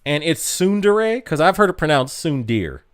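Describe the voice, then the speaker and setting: Lively American man chatting on stream. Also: on the high side, moderate pace. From United States. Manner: reads chat aloud, joking, playfully self-deprecating. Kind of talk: casual live-stream chat.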